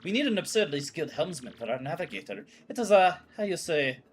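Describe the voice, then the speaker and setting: A man's voice: on the high side, big pitch swings, a little fast, slight background noise. Man doing a grandiose pompous ship owner. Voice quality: grandiose, theatrical. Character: pompous flamboyant male ship owner, lovestruck.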